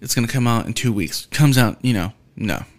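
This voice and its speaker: A man talks through a casual podcast monologue, his voice sitting at an ordinary middle pitch. He rambles, restarts his sentences and drops "um"s everywhere. Profanity slips in constantly and easily. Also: brisk. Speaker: podcast host.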